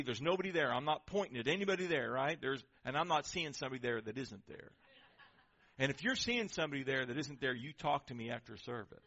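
A man, a pastor, preaching an animated sermon in church and acting out quoted voices. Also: medium pitch, dull audio.

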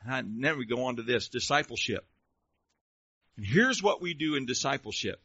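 A man's voice: mid-range voice, lively intonation, normal speed, bright, forceful tone, breathy edge, dry recording. A male pastor delivering a sermon, emphatic and calling out questions to the congregation. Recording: dull lo-fi recording.

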